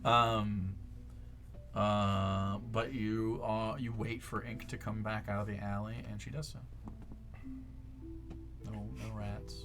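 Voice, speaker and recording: A man's voice: lowish voice, flat delivery, takes it slowly, pauses often, over music. A man narrating a tabletop game as game master, casual and profane, with many ums and likes.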